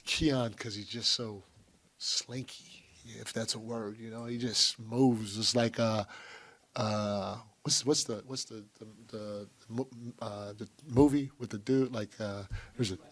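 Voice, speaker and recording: A man, a basketball head coach, answering questions at a press conference in a halting, earnest way, with frequent restarts. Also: on the low side, steady tone, a bit bright.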